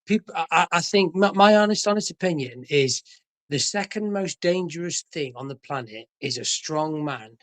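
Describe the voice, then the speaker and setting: A young man with a fairly high voice chats on a live stream. He talks emphatically, swears freely and pushes into loud, forceful bursts. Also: animated, normal speed. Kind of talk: casual live-stream chat.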